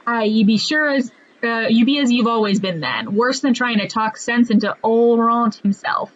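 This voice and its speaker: A woman voicing a gruff, bossy male combat trainer in a rough, old-fashioned put-on accent. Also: on the high side, normal speed, dull audio, lightly acted. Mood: scornful.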